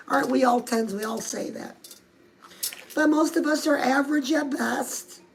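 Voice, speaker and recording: A woman's voice: a little high, vocal fry, a little hiss or hum, low-quality recording. A woman hosting a comedic live self-help show, chatty and sassy, who keeps calling her listener "girl".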